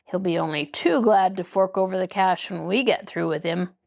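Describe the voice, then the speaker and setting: A woman reading the part of a reckless, sneering male riverman and kidnapper in an audiobook, voiced in a gruff, bossy way. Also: fairly low pitch, normal speed, a little mellow.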